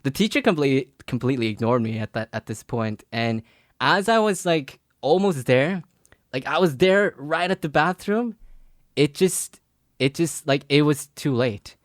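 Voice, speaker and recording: A man's voice: a little high, lively intonation, moderate pace, no echo, studio quality. A young man, a podcast co-host telling a long story in casual chat, full of fillers and restarts and laughing as he goes. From Philippines. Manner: rambling, filler-heavy, laughs through his story.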